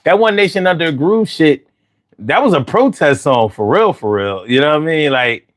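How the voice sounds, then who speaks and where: A man hosting a loose, casual talk show, and his voice sits a little high. It swings widely as he tells his stories, and he swears freely. He often jumps into a much higher voice when he quotes himself. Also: animated, moderate pace. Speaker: host. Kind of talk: casual storytelling chat.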